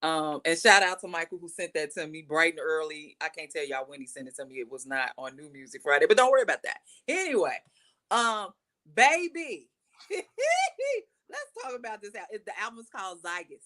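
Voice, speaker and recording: A woman with a bright, forceful tone and a fairly low base pitch co-hosts a podcast. She reviews music with exuberant, casual enthusiasm. Her voice swoops up high whenever she gets excited. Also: fast. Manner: exuberant, swoops high when excited, calls listeners baby. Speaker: podcast co-host.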